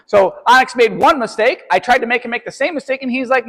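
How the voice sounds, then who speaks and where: A man's voice: very high voice, quick pace, hardly any pauses, fairly bright tone, long reverb tail, rough recording. A man who trains dogs, explaining obedience step by step and checking in with "right?" and "okay?". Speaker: dog trainer. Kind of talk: instructional training video.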